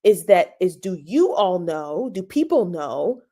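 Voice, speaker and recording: A woman's voice: fairly low pitch, sing-song, measured pace, warm tone. A woman hosting a podcast, giving opinionated commentary and stressing points by repeating them. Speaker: podcast host.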